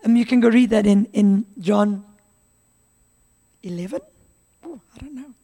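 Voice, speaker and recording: A woman's voice: mid-range voice, unhurried, dark tone. A woman preacher giving a conversational sermon in a church, acting out the Bible characters' dialogue as she retells it. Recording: long hall reverb.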